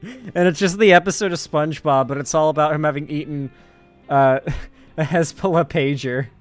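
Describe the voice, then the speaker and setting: A man's voice: on the high side, moderate pace, faint music behind. Joking streamer man reading chat. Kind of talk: casual live-stream commentary.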